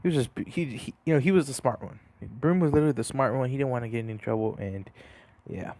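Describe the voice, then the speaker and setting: A man's voice: mid-range voice, quick pace, warm tone, dry recording. A young man casually telling a story over gameplay, rambling with lots of fillers and restarts. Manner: rambling, many fillers and restarts, laughs at himself.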